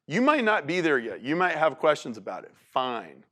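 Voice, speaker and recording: A man speaking to an audience in a casual, animated way, full of restarts and filler words. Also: mid-range voice, moderate pace. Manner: animated, conversational, many restarts and "like". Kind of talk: talk to an audience.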